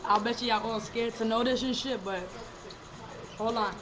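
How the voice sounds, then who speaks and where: A young woman chatting fast and giddy into a home webcam, rambling, cursing and laughing, wired on coffee. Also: on the high side, fairly even intonation, a crowd in the background, low-quality recording. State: over-caffeinated. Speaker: vlogger. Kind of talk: hyper casual webcam chat. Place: room at home.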